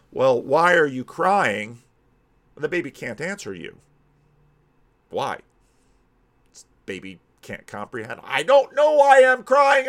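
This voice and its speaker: American pastor teaching in a loose, searching way. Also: male voice, medium pitch, a bit bright. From United States. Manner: thinking aloud, frequent restarts and repeated words. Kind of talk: casual teaching talk.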